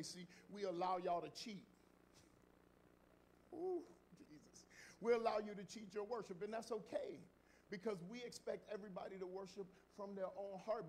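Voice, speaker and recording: A man preaching a sermon to his congregation. He leads call-and-response, jokes with the crowd, and reads scripture loudly and dramatically. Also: a little hiss or hum. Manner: booming dramatic scripture reading. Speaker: pastor. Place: church sanctuary.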